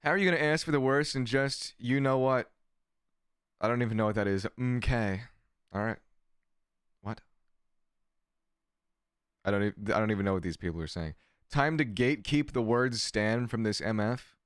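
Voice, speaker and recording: A man's voice: medium pitch, moderate pace, long pauses, clear, resonant tone, dry recording, studio quality. A man streamer giving sarcastic, profane commentary while reading chat aloud. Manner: sarcastic, swears often, reads chat aloud. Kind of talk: casual livestream commentary.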